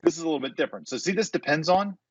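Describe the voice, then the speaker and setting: A man presenting a casual, live screen-share tech demo on a developer community video call, with quick asides and restarts. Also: a little high, expressive, husky, no room sound, muffled recording.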